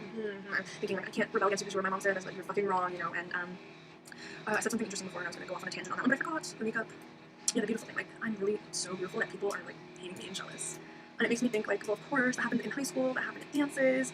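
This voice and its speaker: Rapid, rambling young woman vlogger. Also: medium pitch. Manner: rambling, heavy use of "like", quoting others in voices. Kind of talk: casual monologue to camera. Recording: noisy home recording.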